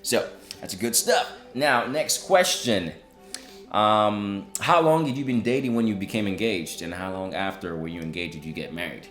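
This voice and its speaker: Young man, very low voice, playful casual chat, echoey room with faint music. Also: lively intonation, normal speed, fairly bright tone. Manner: playful, laughs often. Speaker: vlog co-host.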